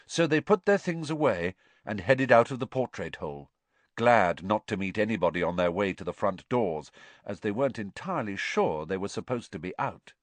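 A man giving expressive, scripted storybook narration at a close mic. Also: on the low side, moderate pace, dry recording. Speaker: audiobook narrator.

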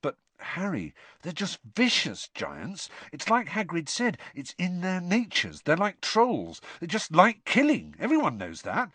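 A man's voice: high voice, huge pitch swings, a little slow, hardly any pauses, a bit bright, no echo, voice pushed up, exaggerated voice. A man voicing an awkward, blustering teenage boy who fumbles for words. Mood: fumbling chatty. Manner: fumbling, blustering, hesitant restarts.

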